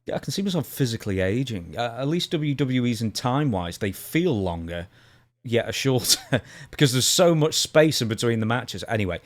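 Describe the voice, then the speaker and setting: A man's voice: medium pitch, very animated, normal speed. A man co-hosting a casual podcast, wrapping up the show in a rambling, dry way. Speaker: co-host.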